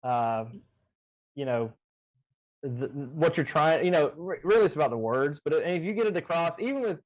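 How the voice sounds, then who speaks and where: A man in casual chat about running tabletop games, talking in an animated, rambling way with plenty of swearing, on a video call. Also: on the high side, moderate pace, rough recording. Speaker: game master. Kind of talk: casual chat between game masters.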